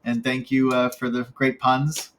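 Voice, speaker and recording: A man hosting a caption contest panel, talking casually and haltingly, with many fillers as he reads entries aloud. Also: medium pitch, monotone, a bit bright, slight background noise. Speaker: contest host.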